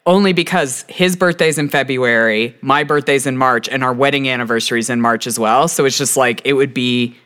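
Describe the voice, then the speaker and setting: A woman in her thirties co-hosts a podcast in relaxed, chatty conversation. Her voice is very low for a woman, and she keeps an easygoing, friendly pace. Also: brisk, few pauses. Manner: chatty, easygoing, laughs along. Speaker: podcast co-host. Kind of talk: casual chat.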